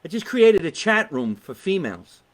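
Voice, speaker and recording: Brash New Jersey comedian hosting. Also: male voice, sits high, very animated, moderate pace. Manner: brash, swears freely, jokes with his viewers. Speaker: comedian hosting a live online talk show. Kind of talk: casual live-stream chat. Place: home basement.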